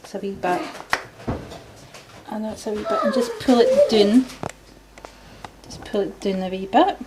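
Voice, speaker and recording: A woman's voice: medium pitch, huge pitch swings, normal speed, very noisy. A Scottish woman chatting casually as she shows a recipe at home in her kitchen. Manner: chatty, homely, talks while working. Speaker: home vlogger.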